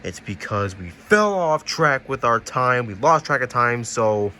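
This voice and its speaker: Lively-voiced young male show host. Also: mid-range voice, a little hiss or hum. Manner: rushed, chatty explaining. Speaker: host of a homemade challenge show. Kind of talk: casual comic hosting.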